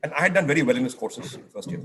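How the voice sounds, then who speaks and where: A middle-aged man with an Indian accent recounts student-day stories on stage, his speech lively and full of Hindi asides. His voice sits in a middle pitch. A faint hiss runs behind him. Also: very fast. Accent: Indian English. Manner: animated anecdotes mixing in Hindi phrases. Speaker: speaker at a summit. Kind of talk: storytelling in an onstage conversation.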